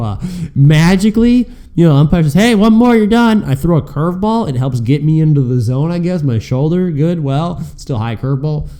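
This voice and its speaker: A man, a guest on a casual podcast, telling stories in a lively way with frequent laughs and many fillers. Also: mid-range voice. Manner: animated storyteller, laughs often, many fillers and repeats. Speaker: guest, sports fan.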